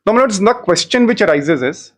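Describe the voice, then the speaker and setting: In a live-streamed courtroom hearing, a man represents himself before the judges, formal and deferential, addressing the bench again and again. His high voice is lively and a little fast, and he grows more insistent as he pushes his point.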